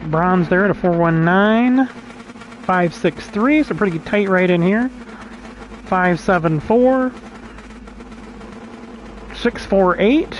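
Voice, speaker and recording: A man's voice: sits high, animated, slow pace, long pauses, highs cut off, a little hiss or hum. A man casually commenting on his own sim race as a streamer, chatty and laughing often, reading out lap times. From United States.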